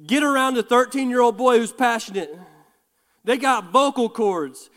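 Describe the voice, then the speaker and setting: A pastor with a strikingly high male voice delivers a fervent sermon, building to shouted peaks between casual asides. His words carry a long reverb from the church sanctuary. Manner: fervent, preaching with bursts of shouting and quick asides.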